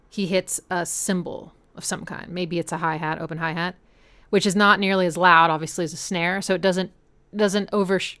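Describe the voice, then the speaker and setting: Here the same home music-analysis host sounds lowish, bright, and forceful, her tone clean. A faint song plays in the background as she chats eagerly and scats out rhythms to make her points, keeping the commentary casual and educational.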